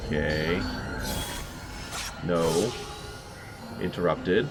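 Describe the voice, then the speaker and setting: A man's voice: low-pitched, drawn-out words. A man giving let's play commentary on a horror game, wry and talking back to the enemies as he plays. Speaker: gameplay commentator. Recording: game music playing behind. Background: game music.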